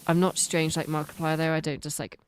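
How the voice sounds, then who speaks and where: A woman's voice: deep voice, level tone, brisk, a little hiss or hum. A British woman streaming a game, chatting casually in rambling, self-mocking tangents. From United Kingdom. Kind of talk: casual chat while playing a game.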